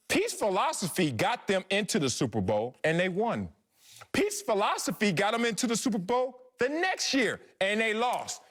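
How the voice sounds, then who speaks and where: A man's voice: huge pitch swings, moderate pace, a bit bright. A middle-aged man hosting a sports debate show, acting out other people's voices as he argues. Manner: acts out other people's voices with shifting pitch and laughs.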